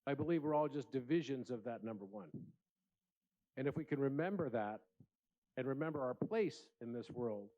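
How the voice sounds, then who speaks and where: A man's voice: mid-range voice, darkish tone, dull audio. Man giving an earnest keynote speech. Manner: earnest, storytelling with acted voices. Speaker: conference speaker. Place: large conference room.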